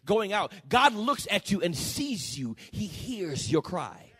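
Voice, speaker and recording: A pastor preaching a sermon in church, swinging from quiet teaching to loud, sing-song calls and repeated phrases, and voicing his own imagined questions to God. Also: high-pitched, sing-song, takes it slowly, breathy edge. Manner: acts out dialogues with God in a plain questioning voice. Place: church sanctuary.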